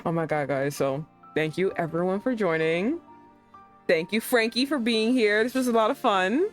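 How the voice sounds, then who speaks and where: A young woman hosting a casual livestream chat, excitable, swearing and breaking into laughing outbursts. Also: mid-range voice, moderate pace, faint music behind. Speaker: streamer host.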